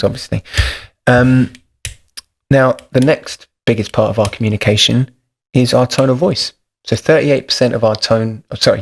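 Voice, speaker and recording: A man's voice: on the low side, vocal fry, breathy edge. A man hosting a podcast, talking in a thoughtful, practical, explanatory way. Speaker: podcast host.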